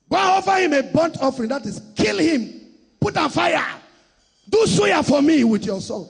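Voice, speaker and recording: A man preaching a sermon, shouting and half-singing in bursts, mocking others in put-on voices. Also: extremely high pitch, expressive, moderate pace, vocal fry, long reverb tail.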